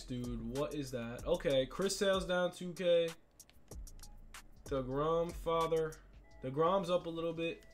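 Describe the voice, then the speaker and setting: Excitable young gamer. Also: male voice, on the high side. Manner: excitable, frustrated outbursts. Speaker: gaming YouTuber. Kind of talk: casual gaming commentary. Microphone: desk mic with face cam.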